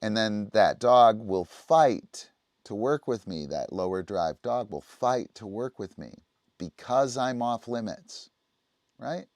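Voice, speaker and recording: A man's voice: on the low side, lively intonation, takes it slowly, a little mellow, no room sound, studio quality. A man teaching dog training on a livestream, explaining casually and often checking in with the listener. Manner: conversational, explaining, often asks "right?".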